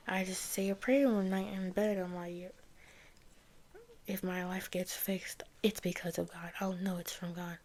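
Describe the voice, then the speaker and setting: A woman's voice: lowish voice, a little mellow, slight background noise. A young woman from the United States telling her faith story in a casual, rambling way, with many fillers like "like" and "you know". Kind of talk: casual personal testimony.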